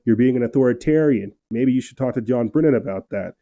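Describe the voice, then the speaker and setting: A man's voice: medium pitch, fairly quick, hardly any pauses, phone-quality sound. A man hosting a political commentary podcast, reading news articles aloud and getting fired up, with frequent stammered restarts. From New Mexico, USA. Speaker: podcast host.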